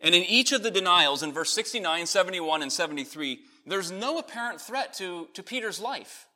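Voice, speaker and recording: A man delivers a sermon with a bright, forward voice that sits a little high. He preaches earnestly, pressing harder on key points and then easing off into quieter reflection. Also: lively intonation, fairly quick. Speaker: pastor. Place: church in Connecticut.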